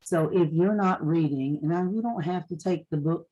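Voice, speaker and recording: An older woman with a soft Eastern Kentucky accent gives a motivational conference talk to realtors, offering practical advice in a folksy, down-to-earth way. Her voice is mellow and warm, fairly low with a breathy edge, at normal speed, and the audio is dull.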